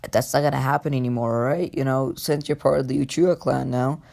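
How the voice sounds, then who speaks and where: Man putting on a stern father figure, gravelly voice, medium pitch, firm, halting, anime fan retelling. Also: steady tone, a little mellow, natural voice. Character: stern adult male clan father.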